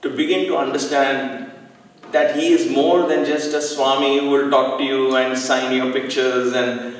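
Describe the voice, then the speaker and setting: A man giving a devotional talk, earnest and reflective, telling a personal story with slow pauses. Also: medium pitch, steady tone. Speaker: satsang speaker. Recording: echoey hall, speaker far from mic.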